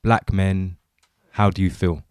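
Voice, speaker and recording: A man co-hosting a podcast, speaking in a measured, thoughtful way. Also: deep voice, fairly even intonation, a little mellow, smooth, no echo, clean studio sound. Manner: measured, thoughtful, reads aloud. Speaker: podcast co-host. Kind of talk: casual chat.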